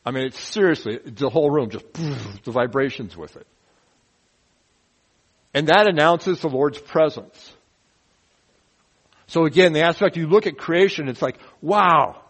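Heard on a low-quality recording, this man's husky voice is a little high and a little slow, with long pauses. He animatedly works through the Bible verse by verse, using rhetorical questions, sound effects, and folksy jokes along the way.

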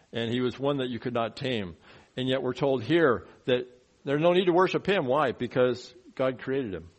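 With a mid-range voice, a man gives a sermon like a conversation, asking rhetorical questions and alternating soft asides with loud, emphatic bursts.

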